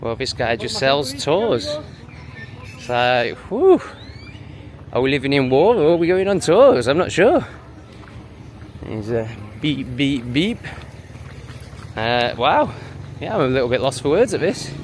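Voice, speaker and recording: A man's voice: medium pitch, sing-song, normal speed, slight background noise. A man talking in a walking vlog, dismissive and sneering, out on a busy street. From England. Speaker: vlogger.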